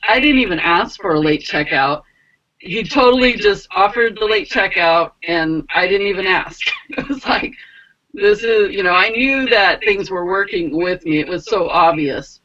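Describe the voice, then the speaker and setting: Bright-voiced woman telling a story animatedly. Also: normal speed, highs cut off. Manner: animated, acts out quotes with big pitch jumps; rambling with many fillers like "like" and "you know". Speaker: spiritual mentor and energy healer. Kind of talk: casual personal storytelling.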